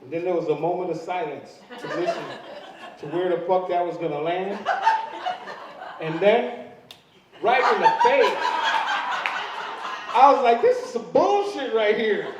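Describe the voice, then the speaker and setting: Older man, high voice, echoey club stage. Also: measured pace, pauses often, background noise. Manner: crude, storytelling, acts out quoted voices. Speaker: stand-up comedian. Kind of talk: stand-up comedy set. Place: live comedy club. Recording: distant, very echoey, dull lo-fi club recording. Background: audience laughter.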